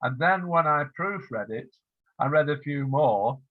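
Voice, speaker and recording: An older English man, an author interviewed over a video call, telling stories in a relaxed, reminiscing way with fillers. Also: fairly high pitch, a little slow. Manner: warm storytelling with fillers, acts out quoted voices. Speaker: author interviewed about his biography. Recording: phone-like lo-fi line.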